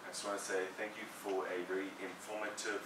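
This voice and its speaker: A man with a fairly low voice giving a chatty, candid evaluation of a speech at a club meeting, with quick jokes. He sounds set back from the mic in an echoey room. Room noise runs under his voice. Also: flat delivery, distant mic.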